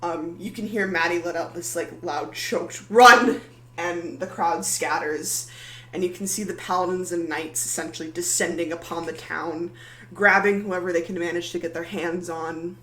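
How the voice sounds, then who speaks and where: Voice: medium pitch, steady tone, normal speed, fairly bright tone, echoey room, low-quality recording. A game master narrating a tabletop game in a loose, rambling way full of fillers.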